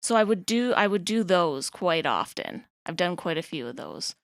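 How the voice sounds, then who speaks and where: A woman's voice: fairly low pitch, big pitch swings, moderate pace, vocal fry, no echo, clean studio sound. A woman artist and art teacher speaking casually as an interview guest.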